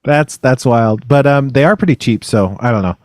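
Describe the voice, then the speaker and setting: A man's voice: mid-range voice, normal speed, darkish tone, no echo. A man hosting a comedy podcast, rambling and goofy, breaking into shocked yelps, on a close microphone. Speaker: podcast host.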